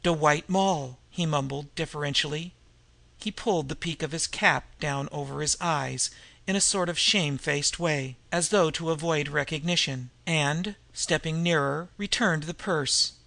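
A man reading a novel aloud in measured, even storytelling narration. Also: a little high, creaky, dry recording. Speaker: audiobook reader. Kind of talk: scripted narration.

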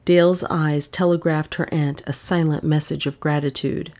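A woman reading a novel aloud as an audiobook narrator, with expressive storytelling. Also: deep voice, normal speed. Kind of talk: scripted narration.

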